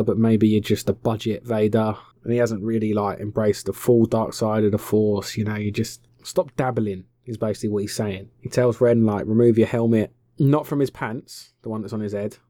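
A man's voice: fairly low pitch, warm tone, dry recording, studio quality. A young man giving a casual, sarcastic film recap. He swears freely and mockingly acts out the characters' lines.

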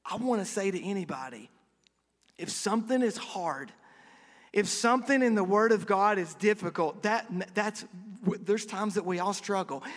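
A man preaching a conversational sermon, acting out quotes with lively energy. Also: high voice, moderate pace, in a large hall. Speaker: pastor.

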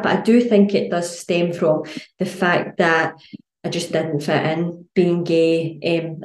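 A Scottish woman coaching on women's health in a casual podcast monologue, blunt and sweary, telling stories with lots of energy. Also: lowish voice. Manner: blunt, sweary, animated storytelling. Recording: roomy echo.

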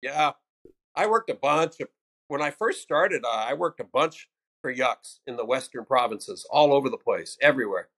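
In a relaxed interview, an older stand-up comic from the United States swaps salty tales from his career, his voice mid-range and his pace moderate. He delivers loose, profane anecdotes, acting out the people he quotes.

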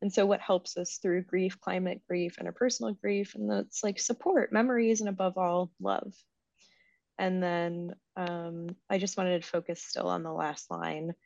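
A woman in her twenties in casual, reflective conversation, soft-spoken and quick to laugh. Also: on the low side, fairly even intonation, vocal fry, no echo. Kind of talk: casual chat. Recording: dry, slightly dull sound.

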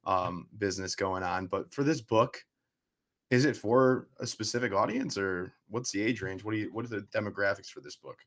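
A man's voice: lowish voice, moderate pace. Casual young male podcast host. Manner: relaxed, casual with fillers like "like". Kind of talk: podcast conversation.

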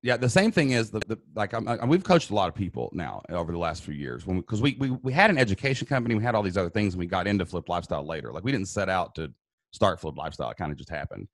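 A man telling an emotional personal story in a casual, animated way, often saying "dude" and "man". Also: sits low, very fast, no echo, clean studio sound. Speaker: guest.

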